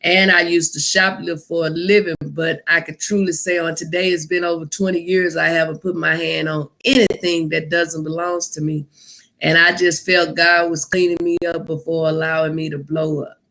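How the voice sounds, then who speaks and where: Bright-voiced woman comedian. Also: sits low, normal speed, low-quality recording. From Arkansas. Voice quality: lively storyteller, laughs often. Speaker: comedian guest. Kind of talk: casual podcast chat.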